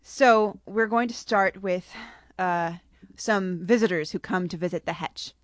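A woman's voice: medium pitch, unhurried, dry recording. A woman author, chatting casually with frequent laughs about her story, then reading from it. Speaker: author guest.

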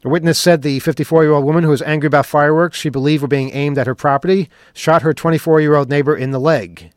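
A man's voice: on the high side, fairly even intonation, quick pace, dry recording, studio quality. Sarcastic man on a talk show. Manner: sarcastic, mock-questioning, then earnest. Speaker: podcast host. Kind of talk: opinionated talk show monologue.

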